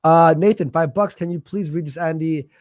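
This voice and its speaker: A man's voice: a little high, normal speed, no echo, studio quality. A man from Canada hosting a livestream, chatting casually with a guest, swearing freely and reading viewer donation messages aloud. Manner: profane, laughs loudly, reads viewer messages aloud.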